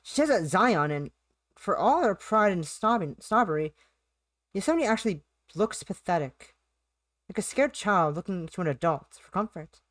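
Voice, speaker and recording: A woman's voice: medium pitch, big pitch swings, moderate pace, no echo. A young adult woman live streaming a visual novel, reading it aloud and chatting in a playful, rambling way that repeats itself and slips into sing-song bits. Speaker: game streamer.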